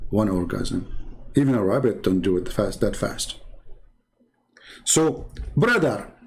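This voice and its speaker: A man giving sarcastic commentary while reading from a website on screen, swinging between low mutters and high mocking exclamations. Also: a little mellow, poor audio. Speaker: religious debater.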